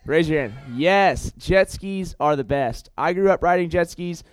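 A man's voice: on the high side, unhurried, smooth, no echo, rough recording. Chatty young man preaching. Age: young adult. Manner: animated, chatty, lots of fillers and self-corrections. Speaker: youth preacher. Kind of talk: storytelling sermon.

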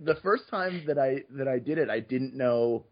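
Man, podcast host, casual storytelling, mid pitch, restarts sentences, muffled audio. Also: animated. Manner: storytelling, quick restarts and repeated words. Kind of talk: casual chat.

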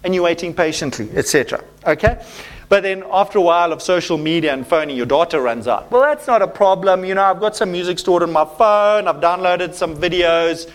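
A man preaching a sermon as pastor to a live congregation. He talks in an animated way and keeps checking in with "okay?". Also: high-pitched, brisk.

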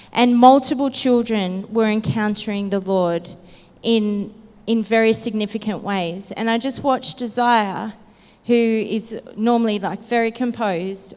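A woman's voice: on the high side, in a large hall. A woman preacher telling an earnest, emotional personal story in a sermon, with casual fillers.

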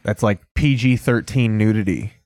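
A man's voice: lowish voice, normal speed, background noise. A man casually commenting on a film he is watching, rambling and offhand with personal stories. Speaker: host reacting to a film.

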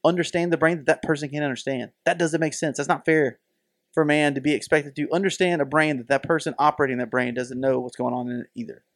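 A man's voice: fairly high pitch, fast talker, no room sound, studio quality. A middle-aged man co-hosting a podcast in casual chat, telling stories animatedly and acting out the voices. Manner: animated storytelling, acts out voices. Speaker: podcast co-host.

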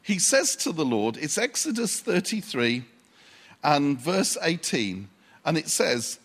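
A man preaching a sermon, unhurried and pausing for emphasis, with dry asides. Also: a little high, sing-song, a bit bright, husky.

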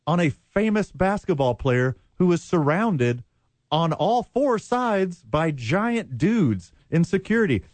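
Sports radio guy, lively swingy voice, blunt and sarcastic. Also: fairly high pitch, no echo. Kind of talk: heated sports talk debate.

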